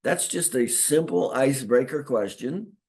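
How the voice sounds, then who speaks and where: A man's voice: medium pitch, animated, a little slow, gravelly, a little mellow. A man teaching chiropractors in a folksy, repetitive lecture, acting out bits of talk with patients. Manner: folksy, repeats himself, acts out patient talk. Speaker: chiropractic consultant teaching doctors. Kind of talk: spoken training lecture.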